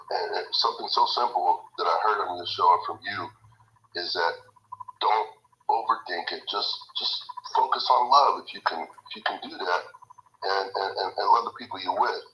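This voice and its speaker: A man calling in to a live stream, earnest and halting, holding back tears as he tells his story. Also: on the low side, sharp tone, low-quality recording. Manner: halting, earnest, repeats words and restarts. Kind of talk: emotional call-in testimony.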